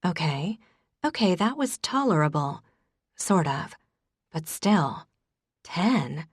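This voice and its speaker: Woman audiobook narrator, low-pitched, wry and conversational, close dry mic. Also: very animated, slow, slightly rough, dry recording. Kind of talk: scripted narration.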